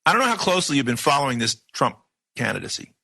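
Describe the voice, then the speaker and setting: A man's voice: medium pitch, very animated, fast, gravelly, sharp tone, slight background noise. A man hosting a radio news program, talking in emphatic bursts full of rhetorical questions. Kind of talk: opinionated radio talk.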